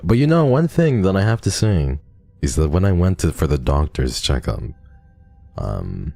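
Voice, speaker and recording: A man's voice: very deep voice, very animated, normal speed, gravelly, mellow, no echo. A man streaming live, chatting casually and telling a rambling story with lots of restarts. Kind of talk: casual livestream chat.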